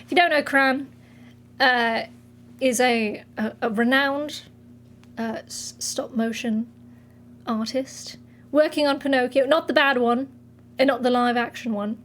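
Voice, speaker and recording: A woman's voice: high voice, steady tone, a bit bright, slight background noise. A woman putting on a fake-British talk-show host. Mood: mock-formal. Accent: put-on British. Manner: mock-formal, giggly, halting. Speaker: streamer. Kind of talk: comedic bit on a livestream.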